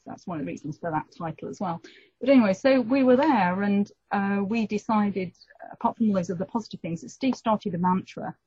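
A middle-aged woman, telling a personal story in an interview and lively acting out the voices of the people in it. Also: medium pitch, fairly quick, husky, no room sound. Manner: animated storyteller, acts out quoted voices. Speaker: guest telling her story. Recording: dull lo-fi recording.

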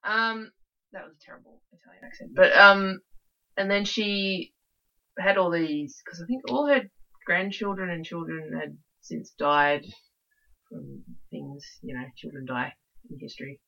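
A woman's voice: fairly low pitch, a little slow, gravelly. A woman co-hosting a casual podcast, rambling through folk stories and acting out the quotes, on a dull lo-fi recording. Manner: animated, rambling, acts out quotes. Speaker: podcast co-host. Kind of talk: casual chat, storytelling.

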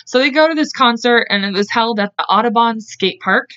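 A woman's voice: on the high side, bright, forceful tone, dull audio. Chatty woman retelling a true-crime case. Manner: acts out quotes in quick voices, chatty and blunt. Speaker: podcast host. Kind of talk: casual true-crime storytelling.

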